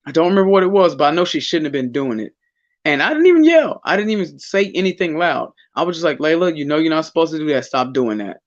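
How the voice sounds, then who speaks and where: Hombre que cuenta historias con calma. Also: male voice, on the high side, fast, few pauses, lo-fi sound. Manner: rambling storyteller, many restarts. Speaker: podcast guest. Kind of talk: casual chat.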